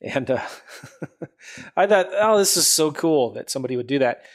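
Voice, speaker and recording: A man's voice: a little high, expressive, moderate pace. A man hosting a casual chat, easygoing and affirming as he shares his own stories.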